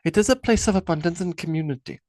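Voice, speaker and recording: A man reading an audiobook, voicing a calm Viking woman who speaks softly and gently. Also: sits high, quick pace, dry recording, clean studio sound, pitched above the performer's own voice, lightly acted.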